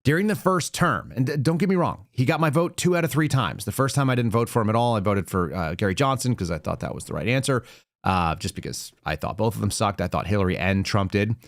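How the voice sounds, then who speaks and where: A man's voice: on the low side, animated, fast talker, no room sound, studio quality. A man hosting a live political commentary show, talking casually and bluntly with sardonic, rambling asides. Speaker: podcast host.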